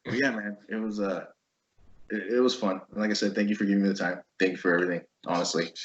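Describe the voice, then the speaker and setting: A man hosting a casual veterans' interview, swearing freely and telling stories in an animated way. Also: lowish voice, quick pace, muffled recording. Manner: profane, animated storytelling. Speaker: host.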